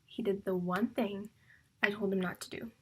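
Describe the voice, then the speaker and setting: A woman's voice: medium pitch, fairly even intonation, moderate pace, warm tone, a little hiss or hum. A young woman chatting about her reading on a vlog, rambling and emotional, often dropping into a whisper. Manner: filler-heavy, repeats "like". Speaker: book vlogger. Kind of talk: casual reading vlog chat.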